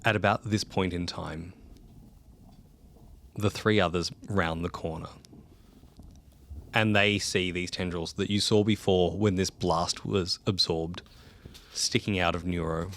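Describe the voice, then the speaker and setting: A man's voice: deep voice, fairly even intonation, a little slow, pauses often, a bit bright, a little hiss or hum. A man narrating a tabletop role-play game as game master, in vivid, descriptive narration.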